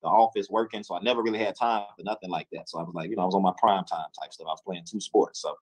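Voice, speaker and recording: A man from Memphis, telling his story as an interview guest, acting out dialogue with halting restarts. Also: low voice, fairly even intonation, low-quality recording. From Memphis, USA. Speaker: interview guest, music executive.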